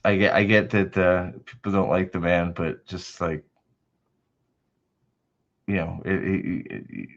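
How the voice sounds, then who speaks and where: A man's voice: low voice, fairly even intonation, measured pace, pauses often, lo-fi sound. A man hosting a livestream in casual chat, rambling and swearing heavily, often restarting his sentences. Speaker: livestream host.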